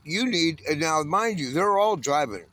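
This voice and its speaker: A man in his sixties from Southern California rants at length, bitter and full of curses. His voice sits a little high for a man of his age, and he rails against everything in an uneven, angry flow. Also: lively intonation, normal speed, bright, forceful tone, no room sound. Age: 60s. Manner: profane, bitter, railing. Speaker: homeless panhandler. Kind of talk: angry ranting monologue.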